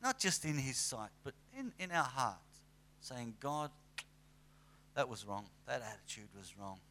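Lively conversational male preacher. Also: medium pitch, measured pace, slight background noise. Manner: conversational, animated with acted asides. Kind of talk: sermon.

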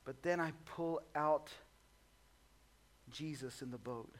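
A man preaching a sermon in a conversational, humorous way, swinging between soft low asides and loud high exclamations. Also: slow pace, a little hiss or hum. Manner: conversational and humorous, acts out voices of the disciples. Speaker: pastor.

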